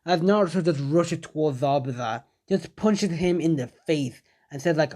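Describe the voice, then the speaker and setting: A man's voice: on the high side, normal speed, hardly any pauses, mellow. A man narrating a fan-made story casually, rambling with lots of fillers and talking to his viewers.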